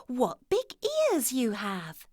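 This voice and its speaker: A woman voicing an innocent, curious little girl from a storybook, in a high childlike voice. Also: big pitch swings, takes it slowly, darkish tone, breathy edge, dry recording, studio quality, full character voice.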